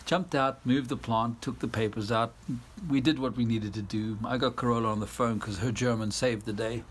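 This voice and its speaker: A man's voice: medium pitch, steady tone, moderate pace, a little hiss or hum. A South African-born man vlogging outdoors, chatting casually and laughing often as he tells a tired, rambling story. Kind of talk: casual vlog chat. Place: outdoors, garden and yard.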